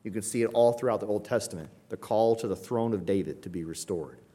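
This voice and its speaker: A man with a lowish voice preaches an expository sermon. He teaches conversationally, with plenty of fillers, and lifts into emphatic, urgent cries when he voices the pleas he quotes. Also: fast talker, warm tone, breathy edge. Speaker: pastor.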